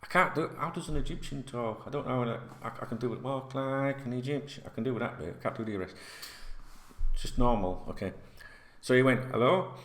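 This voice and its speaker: A man's voice: medium pitch, brisk, fairly bright tone. Man, ranting football fan vlog, sweary, sarcastic, echoey room. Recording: roomy echo.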